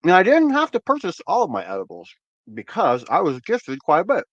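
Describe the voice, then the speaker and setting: A man's voice: high-pitched, huge pitch swings, a little fast, dry recording, lo-fi sound. A man hosting a cannabis channel, chatting casually with viewers in a laid-back, rambling way, often repeating words and swearing freely. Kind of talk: casual livestream chat with viewers.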